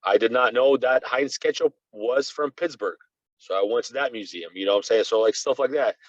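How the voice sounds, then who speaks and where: A man from Russia whose first language is Russian, a guest reporter telling an animated, rambling story full of "you know" fillers. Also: medium pitch, a little fast, no room sound, lo-fi sound. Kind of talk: casual conversational storytelling.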